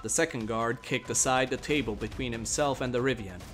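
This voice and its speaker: A man's voice: mid-range voice, faint music behind. Man narrating a fantasy tale. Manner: measured, steady storytelling. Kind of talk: dramatic audiobook narration.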